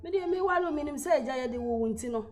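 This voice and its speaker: A woman's voice: high voice, expressive, very fast, a little mellow. A woman playing a chatty woman. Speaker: comic skit actress.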